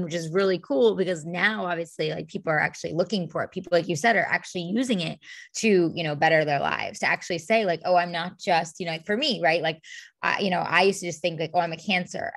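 A woman in her thirties hosts a podcast in a chatty, enthusiastic way, full of fillers. Her voice sits a bit low for a woman. The sound is close and dry. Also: fairly bright tone, no echo. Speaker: podcast host. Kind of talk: casual podcast conversation.

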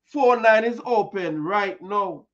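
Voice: medium pitch, takes it slowly, fairly bright tone, dull audio. A host with a Jamaican accent giving chatty news commentary, repeating words and leaning on fillers. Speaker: online news show host.

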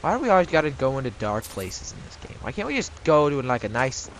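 A man giving casual gameplay commentary, excitable and profane, breaking into shouted outbursts and goofy sing-song. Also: mid-range voice, fast, slight background noise.

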